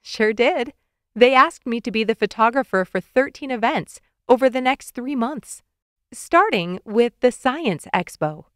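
A woman voicing a brisk, organized mother in an audiobook. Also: on the high side, expressive, a bit bright, no room sound, studio quality, voice pushed up. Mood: matter-of-fact. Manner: firm, matter-of-fact.

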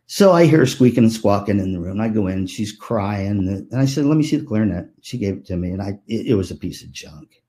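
With a fairly low, dark voice, lively intonation, and a brisk pace, a man delivers a conference keynote. He's playful, joking with the crowd and acting out relatives' voices as he tells stories.

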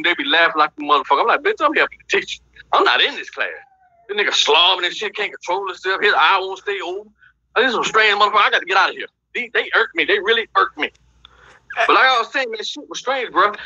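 A man's voice: high voice, bright, forceful tone, slightly rough, dry recording. A man from Georgia, doing a crude stand-up set over a video call, profane and brash. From Georgia, USA. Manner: brash, profane, rapid storytelling. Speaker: stand-up comedian. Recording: dull lo-fi video call audio.

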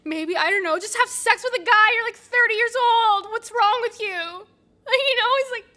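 A woman's voice: sits high, steady tone, a little slow, fairly bright tone. An actress playing an anxious, paranoid woman in her thirties who rambles, apologizes and bursts into rants. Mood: ranting. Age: 30s.

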